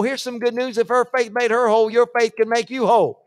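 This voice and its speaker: High-voiced preacher in a reverberant hall. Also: male voice, a little fast, hardly any pauses. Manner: swings from hushed to shouted lists, acts out quoted voices. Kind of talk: sermon. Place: church hall. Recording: long church-hall reverb.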